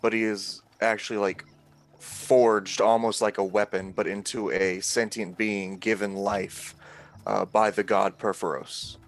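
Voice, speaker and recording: A man playing in a tabletop game, explaining his character's background in a steady, explanatory way. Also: fairly low pitch, unhurried. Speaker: player.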